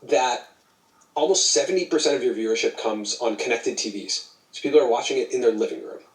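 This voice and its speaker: A man's voice: medium pitch, a little fast, far from the mic. A man interviewing a creator, asking questions enthusiastically with plenty of fillers and cited figures. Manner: enthusiastic, citing stats, filler-heavy. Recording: echoey room, away from mic.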